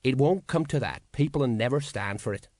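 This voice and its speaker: A man's voice: mid-range voice, lively intonation, moderate pace, darkish tone, no room sound, close to an everyday voice. A man doing a blustering, anxious sergeant. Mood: nervous. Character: anxious middle-aged male sergeant, married.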